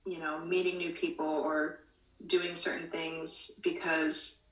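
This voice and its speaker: A woman's voice: sits low, level tone, takes it slowly. A woman from the United States, a model in her late twenties or thirties, answering interview questions in a rambling way full of "you know" and restarts. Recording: roomy, from a distance.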